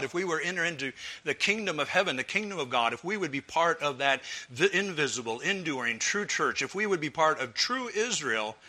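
A man preaching an expository sermon as a pastor, measured and emphatic, with pauses and occasional restarts. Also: mid-range voice, pushed and bright.

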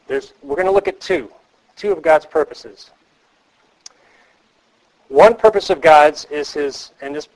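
On poor audio, a man with a fairly high voice teaches counselors in an earnest, emphatic way, circling back to key phrases and asking rhetorical questions of the class.

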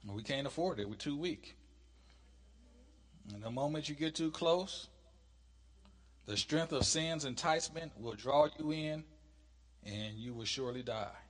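A man leading a Bible study, reading scripture slowly and with emphasis, then explaining it in a casual, conversational way. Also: fairly high pitch, lively intonation, big-room sound. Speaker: preacher.

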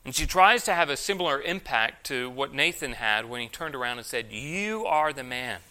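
Bright, clear-voiced male preacher. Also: mid-range voice, fairly quick. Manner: reads scripture aloud with emphasis, then explains it. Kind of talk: sermon, expository Bible teaching.

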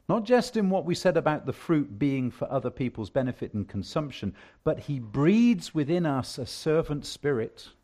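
A male preacher giving a sermon, with emphatic preaching that swings from hushed lines to loud declarations. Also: a little high, expressive, normal speed, hardly any pauses.

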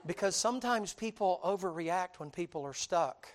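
A man preaching in a folksy drawl. He tells his story in an animated way, acts out the people in it, and now and then bursts out loudly. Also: high-pitched, normal speed. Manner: folksy, animated storytelling with acted-out voices and sudden loud bursts. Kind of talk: storytelling sermon.

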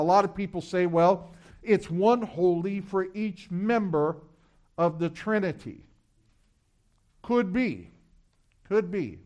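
High-voiced man preaching a sermon. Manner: emphatic preaching, repeats phrases, reads scripture aloud. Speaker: pastor.

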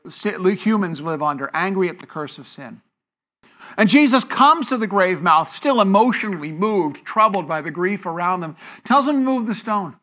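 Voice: medium pitch, bright, forceful tone. A pastor teaching a sermon to a congregation, asking rhetorical questions and answering them, stretching key words for emphasis. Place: church before a congregation.

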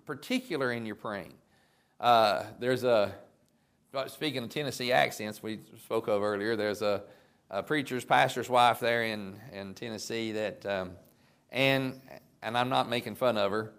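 A man's voice: mid-range voice, a bit bright. A man, a pastor, preaching a sermon in a conversational way, stopping and restarting as he goes and reading scripture aloud.

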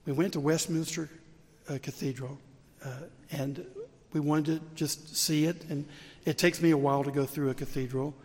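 A man's voice: fairly high pitch, steady tone, normal speed, a little mellow. An older man with a Southern American accent preaching a sermon as pastor, telling stories and building to emphatic points. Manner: storytelling preacher, rising to emphatic peaks. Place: large church sanctuary. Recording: long reverb of a church sanctuary.

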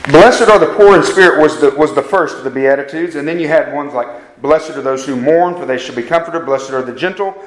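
A man's voice: medium pitch, a little fast, few pauses. A man preaching a sermon, earnest and emphatic, putting direct questions to his congregation. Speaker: pastor. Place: church hall. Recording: echoey church room.

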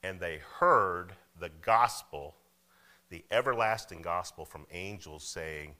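A pastor with a low-pitched voice preaches a folksy sermon at a slow pace, often checking in with "Amen?" and "okay?" He swings between loud emphasis and hushed asides.

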